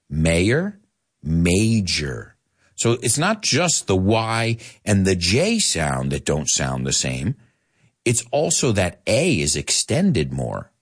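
Slow, animated American English teacher. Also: male voice, deep voice, husky. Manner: animated, chatty, mixes in Spanish asides. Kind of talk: live online English lesson.

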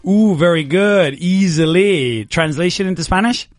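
A man's voice: on the high side, animated, normal speed, dry recording, studio quality. A man teaching English vocabulary in a casual, playful lesson, encouraging his student and laughing often.

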